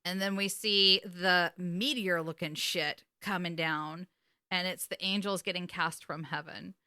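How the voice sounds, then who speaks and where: A woman talks through a TV episode in casual podcast chat. She swears freely and gets emotional as she retells scenes. Her voice is bright and forceful, and the recording is dry and close. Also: fairly low pitch, steady tone, a little slow, clean tone, no room sound. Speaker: podcast co-host.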